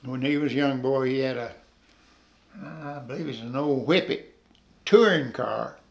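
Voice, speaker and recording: Gravelly older Georgia man. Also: medium pitch, normal speed, dull audio. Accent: Southern US, Georgia. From north Georgia. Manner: rambling, folksy, laughs at his own stories. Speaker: interviewee. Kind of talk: oral history storytelling.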